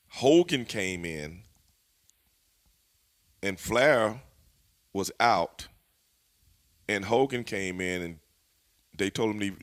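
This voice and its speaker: A man, a former wrestler, telling stories as an interview guest in an animated, profane way, laughing as he goes. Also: on the low side. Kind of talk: storytelling in a shoot interview.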